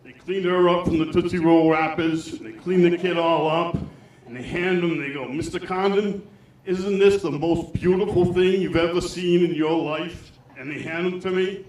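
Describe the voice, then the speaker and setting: A man's voice: sits high, steady tone, moderate pace, darkish tone. A man performing a crude, rambling stand-up comedy set in a small club. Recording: echoey club heard from far off.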